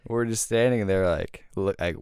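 A deep-voiced young man tells a ghost story to his friends in a loose, rambling, profane way. His voice is smooth and sits close to a dry mic. He goes hushed when the story turns eerie. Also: moderate pace, no echo. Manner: rambling, heavy swearing, hushed when telling the eerie part. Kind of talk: casual storytelling.

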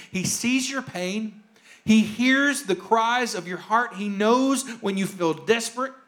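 High voiced preacher guy, earnest, repeats stuff, goes quiet on the tender bits. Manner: emotional, drops to a soft hush on tender lines; earnest, repeats phrases for emphasis. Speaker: pastor. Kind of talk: sermon.

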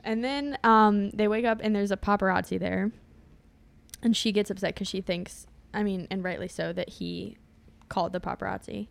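A woman with a gravelly edge in her voice chats through a movie recap. Her pitch sits in the middle, and she talks in a wry, loose way, breaking into laughs. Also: steady tone, moderate pace. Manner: chatty, wry, laughs often. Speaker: podcast co-host. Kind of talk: casual movie recap chat.

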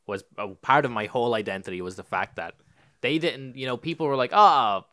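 A man's voice: medium pitch, brisk. Irish guy ranting on a podcast, swears a lot, voice jumps all over. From Ireland. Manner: ranting, animated, swears freely. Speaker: podcast co-host. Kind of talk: casual chat.

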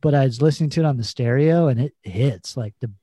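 A man's voice: medium pitch, quick pace, warm tone, husky, no room sound, studio quality. A man co-hosting a podcast in casual chat, laid-back, swearing and laughing as he tells stories, full of "like" and "you know". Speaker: podcast co-host.

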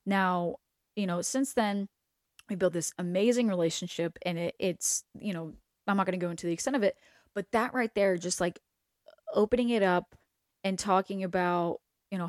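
A woman's voice: on the low side, moderate pace, a little mellow, no room sound, clean studio sound. A young adult woman, a hair stylist hosting an advice talk, speaking bluntly and candidly with plenty of swearing. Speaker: podcast host and hair stylist.

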